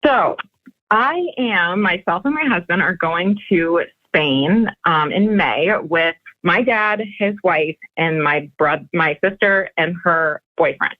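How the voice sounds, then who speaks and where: A woman's voice: on the low side, takes it slowly. Brief: female podcast caller, rambling and hesitant, heard over a tinny phone line. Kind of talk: telling her problem on a call-in show.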